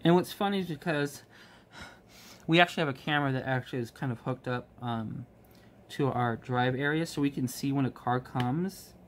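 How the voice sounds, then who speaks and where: A man of middle pitch tells a workplace story in an easy, rambling way. He fills his talk with ums and restarts and livens up when he quotes others. A faint hiss sits under the recording. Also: normal speed. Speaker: vlogger, restaurant manager. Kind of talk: casual storytelling while crafting.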